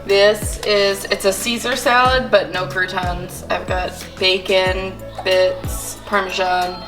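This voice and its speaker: A woman in her thirties chatting casually on camera, lively and giggly. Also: mid-range voice, slow, over music.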